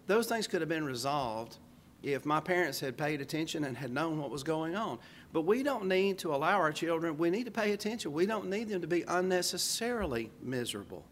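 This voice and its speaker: An older man delivers a sermon, earnest and measured, dropping in homespun asides. His voice sits a touch high for a man, and a faint hiss runs under the recording. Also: fairly bright tone. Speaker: preacher.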